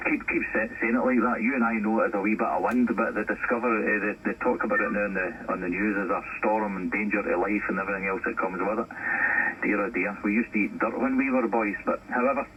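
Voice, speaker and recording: A relaxed Scottish man telling stories over a shortwave link, his voice sitting low. The sound is muffled radio reception with faint noise underneath. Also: quick pace. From Scotland. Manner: relaxed, storytelling, uses 'wee' and 'aye'. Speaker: ham radio operator. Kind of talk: casual radio contact chat. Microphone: heard over a shortwave radio.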